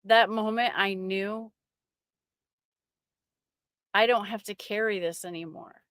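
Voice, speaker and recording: A middle-aged woman sharing a personal faith testimony with an online audience, emotional and halting, often restarting her sentences. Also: mid-range voice, a bit bright, smooth, no room sound, clean studio sound.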